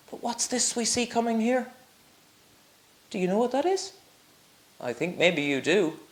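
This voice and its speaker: A male teacher reading a storybook aloud to young children, sing-song and full of questions for them. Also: high-pitched. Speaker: primary school teacher.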